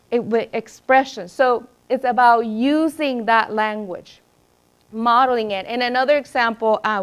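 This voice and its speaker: A woman who was a school principal, giving a lively talk to teachers and acting out the voices in her classroom stories. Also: a little high, clean tone. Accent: Spanish. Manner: animated storyteller, acts out quotes. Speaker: former principal, literacy presenter. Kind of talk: professional development talk.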